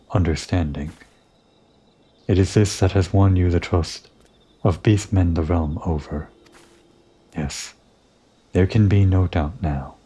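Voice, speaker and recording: A man reading the lines of an earnest, mysterious young woman who pleads haltingly, reading game dialogue aloud. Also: low-pitched, warm tone, breathy edge, full character voice.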